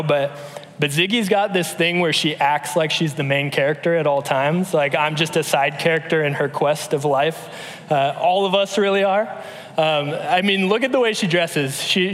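A man in his thirties giving a conversational sermon, telling stories in a relaxed way with frequent fillers and restarts. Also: on the high side. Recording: long hall reverb.

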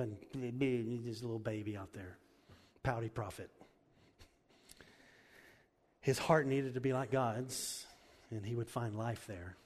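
Brief: male pastor, mid-pitched, earnest and emphatic, long church-hall reverb. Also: steady tone, fairly quick, darkish tone. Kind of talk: sermon. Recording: echoey hall.

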